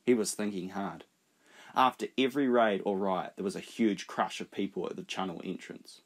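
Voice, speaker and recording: A man narrating an audiobook in a steady, measured reading voice. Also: low-pitched. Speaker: audiobook reader. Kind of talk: scripted narration.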